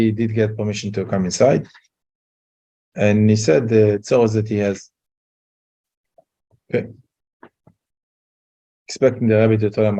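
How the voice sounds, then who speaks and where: A man telling a Torah story in a casual talk, halting and repeating words. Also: lowish voice, dark tone. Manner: halting, repeats words, Yiddish-laced English. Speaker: rabbi giving a talk.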